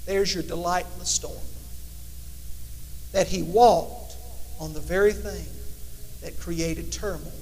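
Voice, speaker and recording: A man preaching a sermon, rising to loud emphatic lines and dropping to hushed, slow ones. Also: high voice, steady tone, big-room sound.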